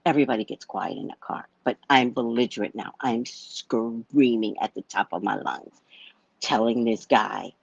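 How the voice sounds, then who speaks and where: A woman's voice: a bass voice, moderate pace, vocal fry, dry recording, dull audio. A woman telling a personal story in a casual monologue, blunt and swearing freely as she acts out a heated argument. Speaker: psychic reader sharing a personal story.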